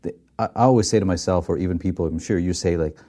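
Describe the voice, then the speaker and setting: Low husky-voiced male interviewer. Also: very fast, warm tone. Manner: engaged, frequent backchannels, reflective questions. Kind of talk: casual interview conversation.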